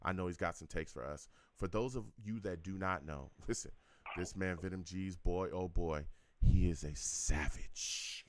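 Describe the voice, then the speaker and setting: A man's voice: sits low, normal speed, noisy background. A man hosting a sports call-in show, ranting in a heated, exasperated way and repeating himself. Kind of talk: live sports call-in radio rant.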